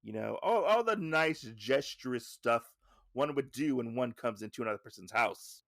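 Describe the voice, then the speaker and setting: Brief: casual podcast host, rambling recap, gravelly voice, dry close mic. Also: male voice, mid-range voice, expressive, normal speed, fairly bright tone, no room sound. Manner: rambling, with fillers and self-corrections.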